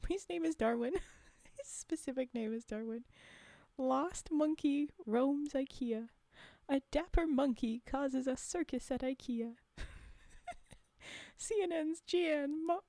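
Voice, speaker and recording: A woman's voice: sits high, creaky, warm tone, no echo. A young woman streaming live, chatting casually and rambling with frequent giggles.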